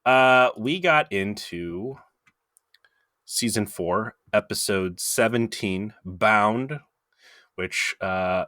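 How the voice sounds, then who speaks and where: A man's voice: on the low side, pushed and bright, no echo, clean studio sound. A man co-hosting a podcast in casual, joking chat, talking through a cold with rambling asides. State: has a cold. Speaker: podcast co-host.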